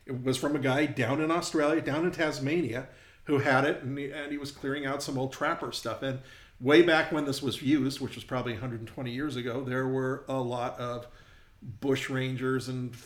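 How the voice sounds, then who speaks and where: A man's voice: medium pitch, steady tone, normal speed, echoey room. A man co-hosting a casual chat, rambling and restarting his sentences as he tells stories. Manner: rambling, self-interrupting storyteller. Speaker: co-host.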